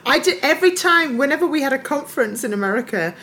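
A woman from Scotland co-hosting a podcast in casual chat, talkative and quick to laugh, picking apart words. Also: high-pitched, expressive, sharp tone, a little hiss or hum. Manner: chatty, laughs often, picks at words. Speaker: podcast co-host.

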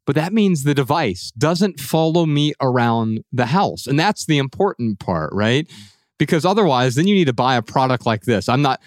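A man hosting a podcast, explaining ideas in a steady, practical, conversational way. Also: mid-range voice, moderate pace, no room sound, clean studio sound. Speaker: podcast host. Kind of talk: casual podcast discussion.

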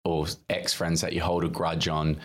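Low-voiced laid-back podcast host. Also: male voice, moderate pace. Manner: relaxed, asks questions, tells anecdotes. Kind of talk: casual chat.

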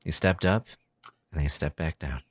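A man co-hosting a podcast in casual chat, an animated storyteller who acts out his friends' lines. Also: extremely low pitch, moderate pace, no room sound, clean studio sound. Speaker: podcast co-host.

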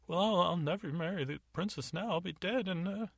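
A man plays a doomed, doltish young guard who can only whimper and fret. The voice sits high and pleading with a gravelly edge, recorded dry and close for a spoken bedtime tale. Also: fairly quick, fairly bright tone, no room sound, exaggerated voice. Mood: dismayed. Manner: whiny, panicky.

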